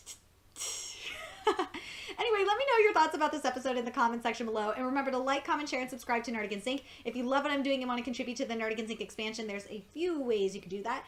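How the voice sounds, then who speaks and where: A young woman casually reviewing a TV episode, giggling often, swearing freely and filling pauses with ums. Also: high-pitched. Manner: giggly, excitable, swears freely, many fillers. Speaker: video reviewer.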